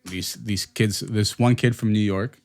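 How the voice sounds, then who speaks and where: A man on a podcast telling a high school story in casual, profane chat. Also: fairly even intonation, unhurried, creaky, darkish tone. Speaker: podcast host.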